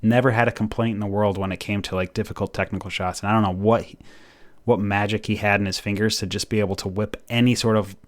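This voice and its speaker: A man with a slightly low voice chats casually as a podcast co-host. He is animated, laughs often and restarts his sentences as he goes. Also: quick pace. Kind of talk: casual chat.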